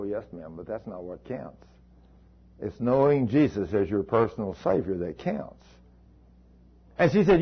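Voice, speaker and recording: A man's voice: mid-range voice, husky. A man preaching, telling a story in a folksy, colloquial way. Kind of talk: storytelling sermon. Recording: dull lo-fi recording.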